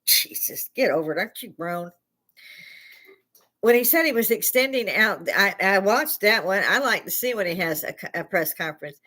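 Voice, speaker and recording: An older woman with a Chicago accent holds forth on her live stream. She talks bluntly and heatedly and swears freely, and her voice sits at an ordinary middle pitch. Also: lively intonation, moderate pace, sharp tone. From Chicago, United States. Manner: blunt, profane, heated ranting. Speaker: livestream host. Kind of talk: opinionated live rant.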